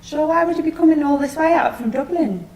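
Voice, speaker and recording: A woman's voice: high voice, a little fast, a little mellow, echoey room, natural voice, poor audio. A woman playing a frail, needling elderly mother who talks in a plaintive, wheedling way, in a theatre studio.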